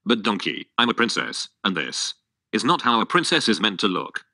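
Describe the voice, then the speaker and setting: A male text-to-speech voice reading the lines of a sad young princess under a spell in a flat, synthetic way. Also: on the low side, normal speed, no echo, heavily acted.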